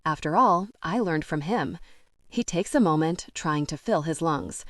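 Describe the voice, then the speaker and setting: Woman, audiobook narrator, low voice, dry close sound, steady first-person storytelling. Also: a little slow, no echo. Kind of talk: scripted narration.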